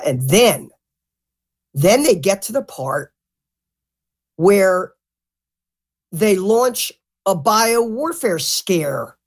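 Blunt, lively-voiced woman guest. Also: mid-range voice, takes it slowly, pauses often. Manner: blunt and profane; animated, mimics others. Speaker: podcast guest. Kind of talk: casual interview talk.

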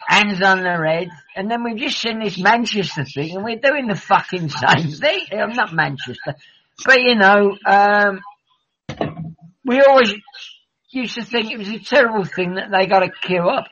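A man with a high, bright voice that swoops up and down as he rambles and swears through a casual chat. The audio is dull and lo-fi. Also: lively intonation, normal speed, husky.

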